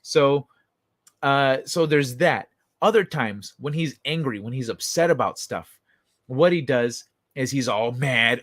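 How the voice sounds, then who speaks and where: A man's voice: medium pitch, animated, a little slow, a bit bright, dry recording, clean studio sound. A man hosting a casual livestream chat, talking in a rambling, profane way with frequent restarts. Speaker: livestream talk show host.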